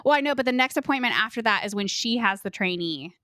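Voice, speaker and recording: A woman's voice: a little high, animated, fast talker, pushed and bright, smooth, no room sound. Woman, podcast co-host, chatty plot retelling, lots of filler, dry recording. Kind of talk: casual book discussion.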